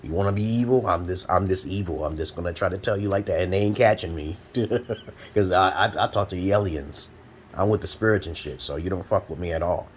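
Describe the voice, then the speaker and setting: In a room at home with a fan running, a Brooklyn, New York man in his forties who vlogs advice delivers a rambling, blunt, profane, preachy monologue. His voice is low-pitched and a little fast, with slight background noise.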